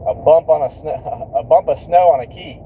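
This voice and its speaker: Male streamer, slightly high, animated, profane and joking; loud vehicle noise in the background. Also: normal speed, lo-fi sound. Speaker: livestream host. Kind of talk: casual rambling chat to viewers.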